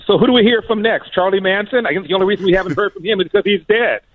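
A man's voice: sits high, rapid-fire. A man calling in as a guest commentator, sardonic and chuckling as he talks. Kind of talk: talk show commentary. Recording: tinny phone line.

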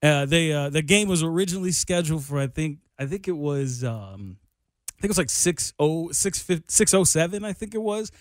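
A man's voice: a little high, animated, fairly quick, dry recording. A young man hosting a sports radio show in a studio, talking in a loose, rambling, self-deprecating way. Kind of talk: casual sports radio talk. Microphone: studio microphone.

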